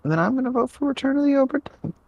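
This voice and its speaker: A man's voice: very high voice, lively intonation, rapid-fire, a little mellow, no echo, dull audio. A man on a casual group podcast, cracking puns and jokes as he votes. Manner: jokey, punning. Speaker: podcast panelist.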